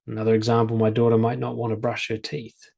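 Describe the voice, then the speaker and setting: A man with a slightly husky voice sitting at middle pitch gives parenting advice straight to camera. He keeps it casual and plain-spoken and leans on everyday family examples. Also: monotone, fast, dark tone. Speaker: parenting and confidence coach.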